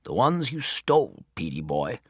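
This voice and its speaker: A man voicing a kindly, teasing old grandfather in an audiobook, gruff and chuckling. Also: mid-range voice, very animated, normal speed, no echo, clean studio sound. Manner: gruff, chuckling, gently mocking. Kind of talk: audiobook reading.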